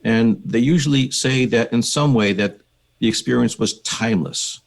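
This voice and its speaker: An older man with an American accent, a psychiatrist being interviewed on a podcast, telling his story in a measured, reflective way. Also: medium pitch, creaky. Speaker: psychiatrist and researcher, guest.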